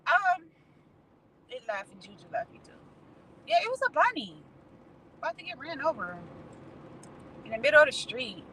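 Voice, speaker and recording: A woman's voice: sits high, big pitch swings, normal speed, pauses often, pushed and bright, rough recording. Candid woman talking from a moving car. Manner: candid, swearing, laughing, colloquial. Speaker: vlogger. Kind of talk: casual livestream chat. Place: in a car at night. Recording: road noise from a moving car.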